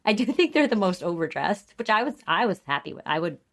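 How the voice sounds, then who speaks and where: A podcast co-host with a medium-pitched voice talks fast, with big pitch swings. She casually recaps a TV episode, retelling scenes and acting out the characters' lines in a raised voice.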